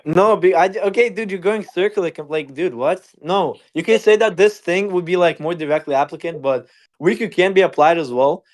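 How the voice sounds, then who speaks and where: A man's voice: high voice, normal speed. A young man in a heated casual online debate, rambling with lots of fillers and swearing.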